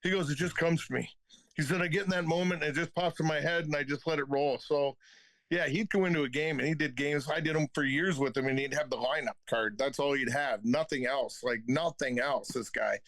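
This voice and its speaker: A man's voice: fairly high pitch, a little fast, fairly bright tone, no room sound. A man in his fifties, a retired hockey enforcer, telling stories as a podcast guest with plenty of swearing and laughter. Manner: profane, laughing anecdotes. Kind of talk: casual storytelling.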